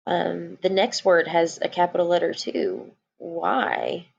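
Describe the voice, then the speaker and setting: A woman's voice: lowish voice, level tone, slow, vocal fry, highs cut off, a little hiss or hum. A woman teacher giving a recorded lesson to young children, explaining patiently.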